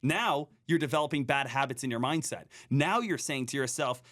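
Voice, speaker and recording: A man's voice: mid-range voice, moderate pace, hardly any pauses, fairly bright tone. A man who trades stocks, talking energetically in a podcast interview and repeating points like a coach.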